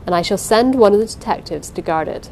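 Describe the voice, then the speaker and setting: A woman reading aloud voices a quiet, dutiful male servant who speaks softly and with restraint. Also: mid-range voice, animated, fairly quick, a little hiss or hum, lightly acted. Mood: calm. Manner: soft, restrained.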